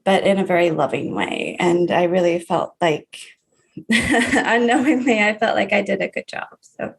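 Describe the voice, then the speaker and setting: A woman in her thirties, a grief coach, telling her story in a podcast interview, earnest and warm, with soft laughs between sentences. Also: mid-range voice, moderate pace, gravelly. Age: 30s.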